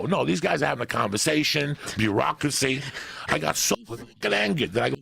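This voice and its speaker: Gravelly profane storyteller man. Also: medium pitch, a little fast. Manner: profane, excitable, acts out voices. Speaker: comedian guest. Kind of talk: animated storytelling.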